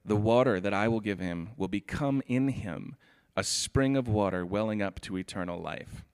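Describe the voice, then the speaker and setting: A pastor giving a sermon. He reads scripture steadily, then explains it in a relaxed, chatty way, often saying "like". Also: on the low side, normal speed, clean tone.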